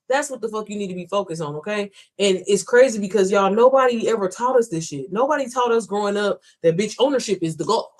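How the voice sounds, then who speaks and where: Woman, business coach type, rapid unfiltered vlog talk to camera, profane, rambling, addresses viewers directly. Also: on the high side. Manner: blunt, heavily profane, talks straight to viewers as "y'all"; rambling with frequent restarts and "you know what I'm saying". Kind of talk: casual motivational vlog monologue.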